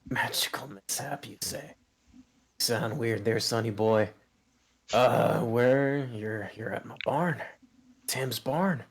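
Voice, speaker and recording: A man's voice: medium pitch, slow pace, husky. A man voicing a blind old male farmer who is flustered and suspicious, in a quavering, stammering voice.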